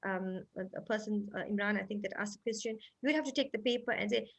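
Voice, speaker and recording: A woman's voice: mid-range voice, fast, gravelly. A woman family counselor giving parenting advice in a panel discussion, acting out little scenes as she explains. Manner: animated, acts out parent and teddy bear lines.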